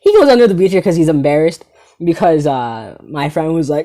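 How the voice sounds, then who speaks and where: Young man, comedy storyteller, sarcastic and crude, very lively swooping voice, rhetorical asides. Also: a little high, a little fast.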